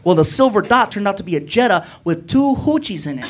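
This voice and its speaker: A young man with a high, light voice tells a rambling stand-up story, jumping into excited impressions of his friends and a police officer. The live club recording is thick with background noise. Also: brisk, some chatter behind. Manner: animated, acts out friends and a cop in raised voices. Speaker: stand-up comedian.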